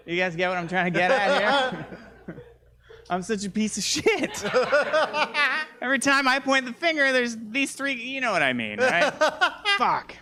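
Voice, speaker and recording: A man doing a stand-up comedy set, telling self-mocking stories in a rambling way with sudden jumps up in pitch. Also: lively intonation, slow, pauses often, sharp tone. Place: comedy show, live audience.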